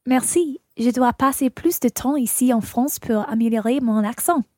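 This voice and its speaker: A woman's voice: on the high side, moderate pace, a little mellow, no room sound, clean studio sound, lightly acted. A woman playing a cheerful young French learner. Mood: pleased. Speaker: dialogue actor. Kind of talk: scripted language-lesson dialogue.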